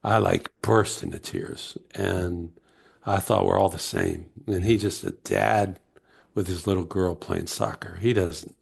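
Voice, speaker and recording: A man from the United States, a guest author, telling heartfelt stories slowly and reflectively in an interview. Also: low voice, steady tone, gravelly, darkish tone, husky. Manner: heartfelt, emotional, slow and searching.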